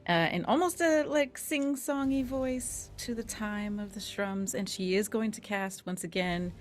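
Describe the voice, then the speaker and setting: A woman's voice: medium pitch, a little slow, few pauses, soft background music. A woman playing a tabletop game, loosely narrating what her character does. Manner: storytelling, loose and casual with fillers. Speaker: player.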